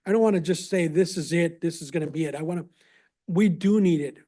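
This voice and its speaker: A councilman with a fairly high but mellow voice and a Californian accent speaks at a city meeting. He talks haltingly, repeating words as he gropes for what to say next. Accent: Californian English. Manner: halting, repeats words while searching for them.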